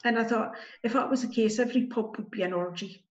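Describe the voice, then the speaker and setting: A woman guest giving candid spoken testimony, emotional and halting, with wry asides. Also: fairly high pitch. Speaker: guest telling her story. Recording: dull lo-fi recording.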